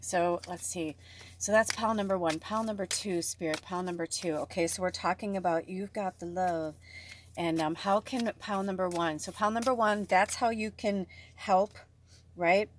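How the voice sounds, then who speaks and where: A woman's voice: lowish voice, normal speed, slight background noise. A woman giving an emotional spiritual card reading, speaking straight to her viewers with a gushing manner. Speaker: tarot reader.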